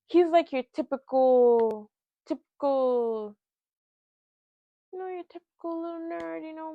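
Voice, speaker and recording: A young woman tells a dating story in a sassy, animated way, acting out both people in the exchange. Her voice sits a bit high and carries a gravelly fry. The recording is close and dry, with a slightly dull, muffled tone. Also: dry recording. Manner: sassy, animated, quoting both sides of a chat. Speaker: storytelling vlogger. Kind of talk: casual storytime vlog.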